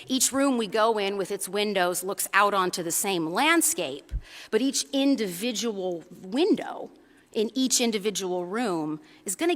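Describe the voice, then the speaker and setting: A woman's voice: mid-range voice, fairly bright tone, in a large hall. A woman preacher giving a conversational sermon in a church. She tells a story and often checks in with the congregation.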